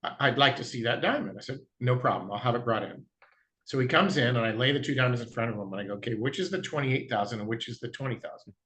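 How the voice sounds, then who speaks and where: Bright guy telling a story on a podcast, plays both sides of the talk, clears his throat a lot. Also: medium pitch, animated, fast talker. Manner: acts out dialogue in anecdotes, clears throat often. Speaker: guest, diamond dealer. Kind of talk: casual interview storytelling.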